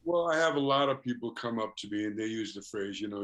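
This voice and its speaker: A man's voice: on the low side, lively intonation, quick pace, fairly bright tone. An older man, a musician guest in a casual interview, telling stories with frequent chuckles and "you know" fillers.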